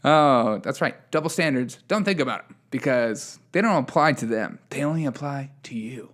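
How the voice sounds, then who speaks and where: A man's voice: mid-range voice, lively intonation, moderate pace, fairly bright tone. Guy doing a solo news podcast, snarky ranty tone, chuckles a lot. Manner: sarcastic, ranting, laughs at the news. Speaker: podcast host.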